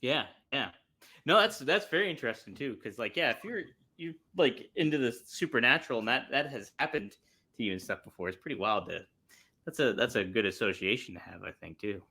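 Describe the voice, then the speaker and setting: Co-host, man, bright tone, very animated pitch, quick reactions and laughs. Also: husky. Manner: reactive, laughs often, lively interjections. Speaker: podcast co-host. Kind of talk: casual chat.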